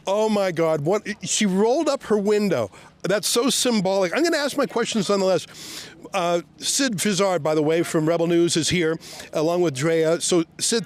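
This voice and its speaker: A man reporting on location outdoors, sarcastically shouting questions at police officers. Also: high-pitched. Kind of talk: on-the-scene questioning.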